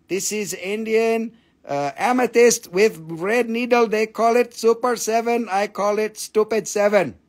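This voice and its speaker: A man hosting a live crystal sales stream, chatting casually, swearing freely and laughing at his own jokes as he tells stories. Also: high-pitched. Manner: giggly, profane, jokey storyteller.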